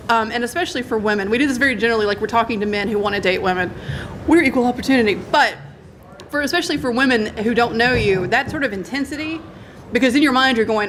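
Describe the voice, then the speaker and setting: A woman's voice: fairly high pitch, a bit bright, a little hiss or hum. A woman hosting a convention panel in a casual talk, laughing often and acting out lines.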